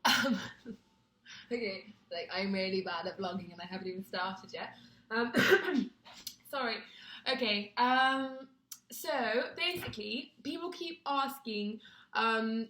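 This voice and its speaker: A woman's voice: fairly high pitch, slow pace, bright, forceful tone. A woman in her twenties from Britain, vlogging to camera in a casual, self-deprecating, chatty way with lots of fillers. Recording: echoey room.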